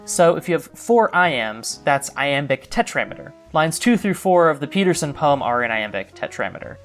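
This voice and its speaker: A man's voice: on the high side, sing-song, normal speed, fairly bright tone, faint music behind. A young man narrating a scripted video essay as a literary critic, with dry, wry asides. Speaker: literary critic, club co-host.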